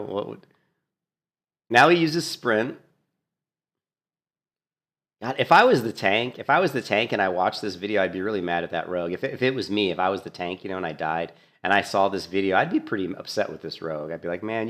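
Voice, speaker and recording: A man casually commentating on a gameplay clip, animated and mocking, laughing often. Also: on the low side. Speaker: gaming streamer.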